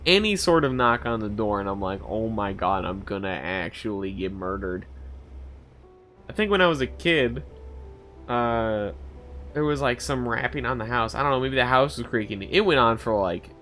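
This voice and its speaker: A young man streaming a game, telling stories in a loose, rambling way, often laughing, swearing and jumping high when he quotes someone. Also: moderate pace. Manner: animated storytelling, jumps to a high pitch for quoted voices, laughs often, swears. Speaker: gaming streamer. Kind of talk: casual rambling commentary while gaming. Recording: faint game music behind.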